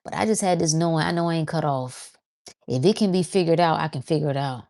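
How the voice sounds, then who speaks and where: Woman host, deep voice, rambling self-talk spiritual chat. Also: fast talker, creaky, warm tone. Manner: conversational, repeats herself, talks to herself as she thinks aloud. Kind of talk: casual spiritual monologue.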